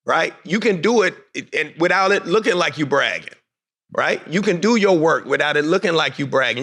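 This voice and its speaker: Energetic man quizzing young players. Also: a little high. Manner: energetic, questioning, coaxing. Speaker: panel moderator.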